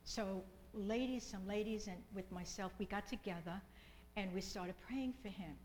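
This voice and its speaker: A middle-aged woman preaching a sermon with fervent repetition, at times dropping to a soft whisper in prayer. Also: mid-range voice, normal speed, a little hiss or hum, rough recording.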